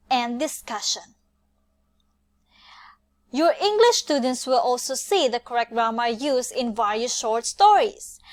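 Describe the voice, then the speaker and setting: A young woman with a Cebuano-speaking Filipino accent talks through a lesson in an unhurried, instructive way. Her voice sits a little high, and she speaks straight to her listeners as fellow teachers. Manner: instructive, addresses teachers directly, mixes in Cebuano phrases. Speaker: education student presenting a lesson. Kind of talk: recorded teaching presentation.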